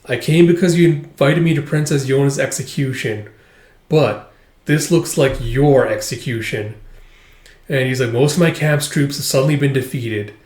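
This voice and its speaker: A man's voice: medium pitch, moderate pace, a little mellow, echoey room. A man recapping a manga volume in a rambling, casual way, full of fillers. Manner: rambling, filler-heavy retelling. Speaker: manga reviewer.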